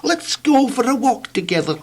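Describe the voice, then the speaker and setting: A man voicing a tiny, cheerful little man in a very high, squeaky voice on a storybook tape. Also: sing-song, moderate pace, heavily acted. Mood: chirpy.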